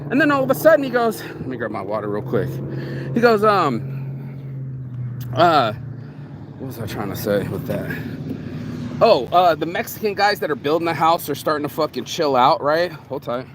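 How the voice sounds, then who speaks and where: A man's voice: on the high side, very animated, normal speed, pauses often, background noise. A man vlogging in a casual, rambling monologue, profane and streetwise, calling the listener bro. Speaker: vlogger and shirt designer.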